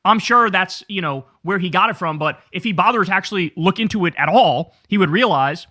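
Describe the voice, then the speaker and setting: Bright, high-voiced political commentator. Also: male voice, lively intonation, fairly quick. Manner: argumentative, critical.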